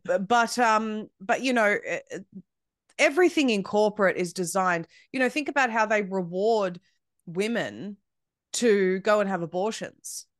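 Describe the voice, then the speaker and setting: A woman's voice: medium pitch, lively intonation, a little slow, no echo, studio quality. A woman from Australia, a podcast guest who talks emphatically and scornfully, often restarting her sentences. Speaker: guest, media founder. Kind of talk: podcast conversation.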